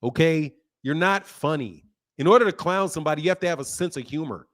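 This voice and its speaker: A man's voice: a little high, fast. A middle-aged man hosting a boxing live stream from his home desk, taunting and mocking a caller and laughing often while leaning into his computer mic. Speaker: boxing channel host. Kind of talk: heated live-stream argument.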